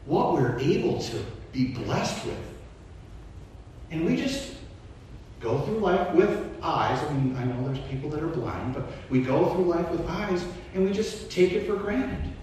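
Male pastor preaching with a lively, swinging delivery in a reverberant church, mic set a little far off. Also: sits high, slight background noise. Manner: animated preaching, voice rising and dropping. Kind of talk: sermon.

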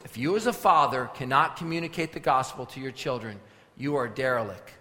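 Forceful male preacher in a reverberant hall. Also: a little fast. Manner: forceful preaching, swinging from low intensity to loud scripture reading. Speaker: pastor. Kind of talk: sermon. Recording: long reverb of a large hall.

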